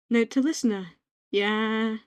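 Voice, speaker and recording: A young British woman gently rambling in a soft-spoken ASMR-style note to herself, reflective and quietly affirming, recorded on a home microphone. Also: on the high side, clean tone. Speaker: ASMR creator.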